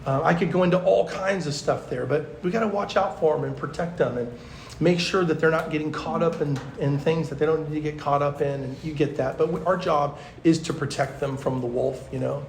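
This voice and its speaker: A man, a pastor, teaching at a youth conference in a chatty, animated storytelling way, full of fillers. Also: a little high, fairly quick, creaky, a little hiss or hum. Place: large conference hall. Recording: echoey hall.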